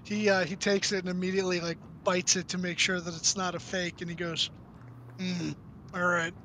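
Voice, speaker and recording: A man's voice: high voice, level tone, fairly quick, pushed and bright, slight background noise. A man narrating as game master of a Western tabletop game, chatty and loose with many fillers.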